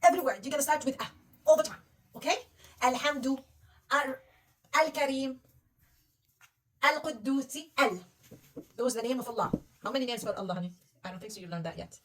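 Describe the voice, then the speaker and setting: A woman tutors a beginner, her voice high and bright in pitch. She talks patiently and coaxingly, asking one question after another. The mic sits a bit away from her, with a faint hiss underneath. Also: fairly quick, pauses often, distant mic. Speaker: Arabic reading teacher. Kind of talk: one-on-one reading lesson.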